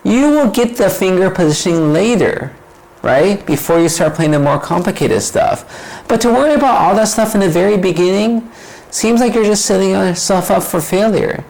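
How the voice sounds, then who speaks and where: A man talks through his ideas in a loose, conversational monologue. His voice has a gravelly edge and swoops up and down a lot. He keeps drifting into tangents and tossing out rhetorical questions. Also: sits high, lively intonation, moderate pace, darkish tone, low-quality recording. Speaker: vlogger explaining ideas. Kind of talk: casual reflective monologue.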